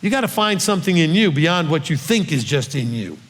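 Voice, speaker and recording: A man's voice: fairly high pitch, very animated, brisk. A rabbi giving a conversational Bible teaching, earnest and coaxing, often checking in with his listeners. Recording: long hall reverb.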